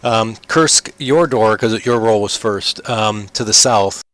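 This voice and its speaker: A man's voice: lowish voice, slow pace, a bit bright, no echo. A man running a tabletop game over voice chat, narrating hesitantly with many ums and restarts. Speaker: game master.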